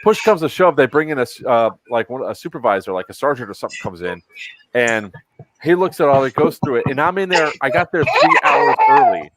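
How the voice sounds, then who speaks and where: A man's voice: mid-range voice, sing-song, fast, noisy background. A man hosting a casual podcast, telling a long story with plenty of swearing and acting out other people's lines. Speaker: podcast host.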